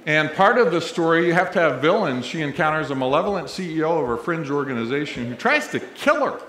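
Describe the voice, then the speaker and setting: An animated, slightly high and bright voice moves fast as a middle-aged Missouri college president addresses a crowd in a large event hall. His ceremony speech brims with humorous stories told conversationally to win over the audience, and the recording carries the hall's echo.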